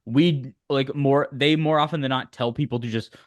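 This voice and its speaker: A man with a middle-pitched voice chats easily on a podcast, his sentences full of loose filler words. The sound is dry and close, with no room echo. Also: fairly even intonation, normal speed. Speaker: podcast co-host. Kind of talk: casual chat.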